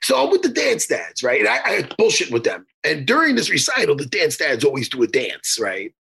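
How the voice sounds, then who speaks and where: Raspy, animated man telling a rambling story. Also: on the high side, a little fast. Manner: rambling, profane, stammering restarts; animated, laughing bursts. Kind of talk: casual comedic storytelling chat.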